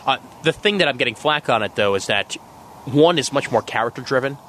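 A man's voice: mid-range voice, lively intonation, brisk, fairly bright tone, slight background noise. A man hosting a podcast, chatting casually, joking and steering the conversation. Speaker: podcast host. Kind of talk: casual chat.

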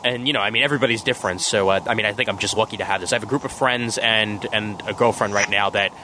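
A man's voice: lowish voice, steady tone, rapid-fire, pushed and bright, a little hiss or hum. A man hosting a podcast, chatting casually, joking and steering the conversation. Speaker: podcast host. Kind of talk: casual chat.

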